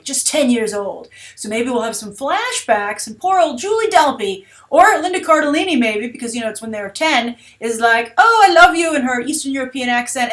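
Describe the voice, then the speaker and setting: A woman's voice: on the high side, a bit bright. A woman hosting a movie news show, talking through her film theories in a chatty, speculative way with frequent filler sounds. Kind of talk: casual movie commentary.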